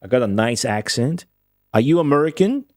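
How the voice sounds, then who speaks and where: Male streamer, non-native English speaker with a slight Midwestern and Australian tinge. Mid-pitched, casual, profane running commentary, dry close mic. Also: expressive, normal speed, darkish tone, no room sound. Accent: slight Midwestern with a touch of Australian. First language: Italian. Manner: profane, rambling and offhand. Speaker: game streamer. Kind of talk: live gameplay commentary with chat.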